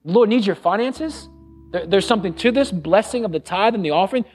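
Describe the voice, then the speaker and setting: A middle-aged male pastor delivering a sermon in an earnest, conversational way. His voice sits a little high for a man, and he repeats phrases for emphasis, sometimes sinking to a near hush. Soft instrumental music plays underneath. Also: expressive, brisk. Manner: drops to a hushed voice on solemn lines.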